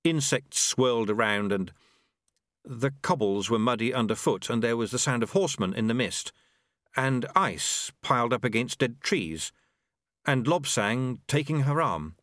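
Lively male audiobook narrator, dry sound. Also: measured pace, no room sound. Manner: shifts pitch for dialogue. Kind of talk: novel narration with character voices.

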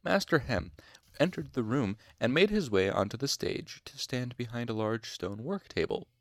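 A man's voice: medium pitch, expressive, moderate pace, dry recording, studio quality. A young man reading a novel aloud at home in a casual, informal way, now and then stopping for asides and corrections. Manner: informal, stops to make whispered asides and corrections. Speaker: amateur audiobook reader. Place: home room.

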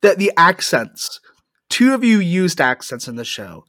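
Young male podcast host, halting and chatty, close dry mic. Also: high voice, very animated, sharp tone, dry recording. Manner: rambling, halting with many fillers. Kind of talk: casual chat.

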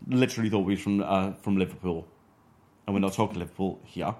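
Very deep-voiced man, laid-back. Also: quick pace, a little mellow. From Wales. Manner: laid-back, swears freely. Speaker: podcast co-host. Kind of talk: casual chat.

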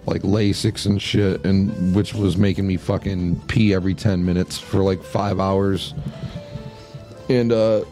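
A man co-hosting a podcast, talking in a laid-back, profane way with drawn-out pauses. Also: fairly low pitch, dark tone. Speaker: podcast co-host. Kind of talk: casual chat.

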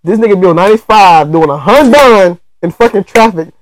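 A man co-hosting a podcast in casual banter, excitable and rambling. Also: high voice, a little fast, no echo, rough recording.

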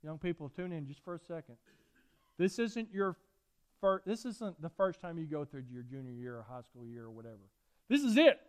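A man's voice: fairly high pitch, moderate pace, smooth. A middle-aged man, preaching a sermon and telling folksy stories with lots of repetition. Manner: folksy, animated storytelling with repeated phrases. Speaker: pastor.

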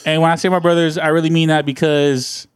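A young man hosting a casual podcast, rambling, a bit drunk and laughing loudly. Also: a little high, flat delivery, fast, clear, resonant tone, no echo, studio quality. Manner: rambling, tipsy, loud laughing. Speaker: podcast host. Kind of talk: casual chat.

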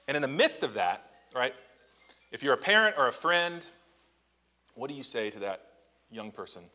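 A pastor preaches his Sunday morning sermon in the church sanctuary, his mid-range voice sharp and sing-song, moving at a moderate pace with frequent pauses, and a long reverb tail trailing behind. He keeps things conversational, poses rhetorical questions, and eases off the pace when a key line needs to sink in.

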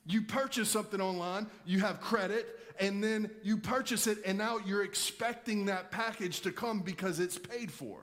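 A man's voice: sits high, normal speed, hardly any pauses, a bit bright. A male pastor giving a sermon with emphatic preaching and rhetorical questions to the congregation.

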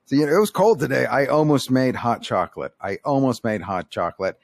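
A man co-hosting a podcast, telling one-liners deadpan and coaxing his co-hosts to laugh. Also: medium pitch, a little fast, creaky, no echo, studio quality. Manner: deadpan joke delivery, coaxing laughs with "come on". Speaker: podcast co-host telling jokes. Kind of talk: casual podcast banter.

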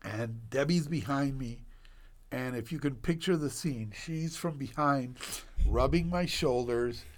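Slow-talking storytelling man in his sixties. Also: mid-range voice. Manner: animated storyteller with sound effects. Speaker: guest physician. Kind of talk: podcast storytelling.

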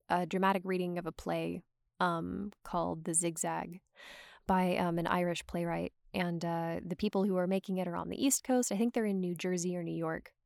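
With a lowish voice, vocal fry, and a clear, resonant tone, this young adult woman from Georgia, USA, is recorded dry with clean studio sound. As a voice actor guest on a casual podcast, she rambles chattily, laughing often and using "like" a lot.

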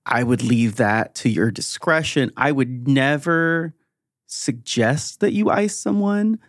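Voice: mid-range voice, takes it slowly, no echo, clean studio sound, lightly acted. A performer playing a breezy cult leader. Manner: breezy, laid-back and noncommittal, with laughs. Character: cheerful male cult leader, easygoing and evasive.

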